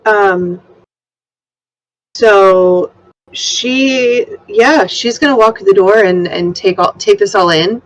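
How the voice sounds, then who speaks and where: A woman's voice: mid-range voice, takes it slowly, low-quality recording. A woman playing a tabletop game, casual and blunt, laughing and swearing freely. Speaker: player.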